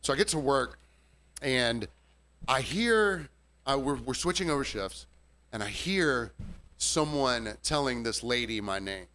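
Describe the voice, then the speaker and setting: A man's voice: medium pitch, a little slow. A man who works as a bartender, telling a story in a casual podcast chat, swearing freely and imitating customers. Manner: animated, profane, mimics customers' voices.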